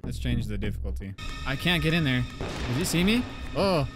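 Young guy playing a scary game, voice kinda hoarse, cussing and yelping, pitch flying all over, game music behind. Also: very animated, normal speed. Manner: swearing, yelping and shouting at jump scares. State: voice going hoarse from screaming. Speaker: gaming YouTuber. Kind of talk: horror game let's play commentary.

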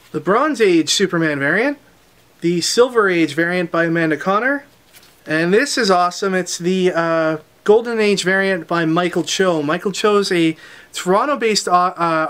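High-voiced man rattling off comic releases. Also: a bit bright. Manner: brisk title-by-title listing with quick asides. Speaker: comic shop host presenting new releases. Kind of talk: casual unboxing rundown.

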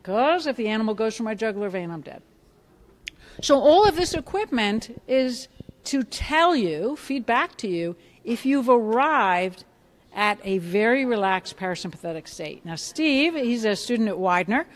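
A middle-aged woman, a biofeedback clinician, giving a lively hands-on workshop, asking the audience questions and acting out reactions. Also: on the high side, moderate pace. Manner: animated, asks the audience questions, acts out reactions. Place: conference room with a live audience.

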